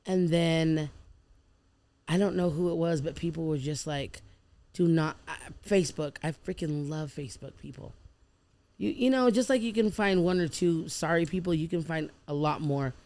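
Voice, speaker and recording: Woman, podcast guest, casual storytelling, gravelly voice, acts out quotes and prayers. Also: deep voice, moderate pace. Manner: animated, acts out quoted people with slang and prayer. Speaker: podcast guest, food truck owner.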